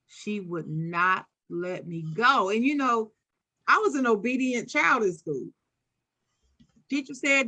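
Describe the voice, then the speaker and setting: A podcast co-host with a Philadelphia accent tells a childhood story on a casual show, animatedly acting out the voices she quotes. Her voice is fairly high and unhurried.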